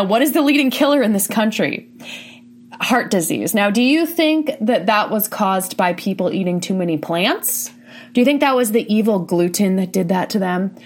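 A woman hosting a talk radio show, speaking in a casual, blunt, sarcastic monologue full of rhetorical questions. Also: mid-range voice.

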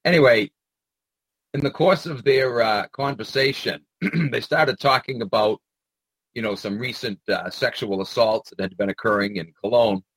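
Husky-voiced man ranting indignantly. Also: medium pitch, moderate pace, a bit bright, no echo, poor audio. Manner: indignant, profane, with frequent filler "uh". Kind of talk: ranting monologue commentary.

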